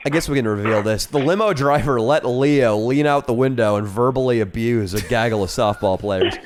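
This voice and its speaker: A man co-hosting a comedy podcast, talking in a brash, excitable, profane way. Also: mid-range voice, brisk, a little hiss or hum. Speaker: podcast co-host.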